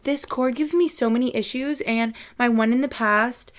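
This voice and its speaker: A woman's voice: fairly high pitch, normal speed. A young woman from upstate New York hosting a casual podcast, rambling upbeat chat full of "like", recorded on a desk microphone into a computer. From Albany, New York. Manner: rambling, upbeat, chatty, lots of "like". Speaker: podcast host.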